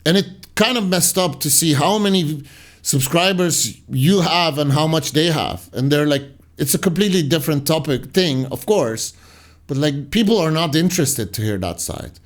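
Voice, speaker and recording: A man's voice: on the high side, expressive, normal speed. A man hosting a commentary channel, casually reading viewer comments aloud and answering them with rambling, sarcastic asides that trail off into mutters.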